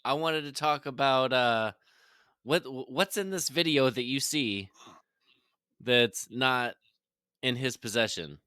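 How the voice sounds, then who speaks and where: A man's voice: medium pitch, slow pace, pauses often, bright, forceful tone, clear, resonant tone, dry recording, clean studio sound. A man co-hosting a podcast in casual chat, reacting with short comments and laughs. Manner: laughs easily, brief reactions. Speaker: podcast co-host.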